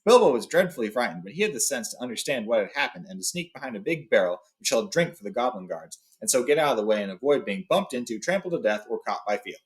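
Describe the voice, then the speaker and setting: A man's voice: medium pitch, big pitch swings, fast talker, few pauses. A young adult man retelling a story in a loose, casual way with fillers, then reading passages aloud.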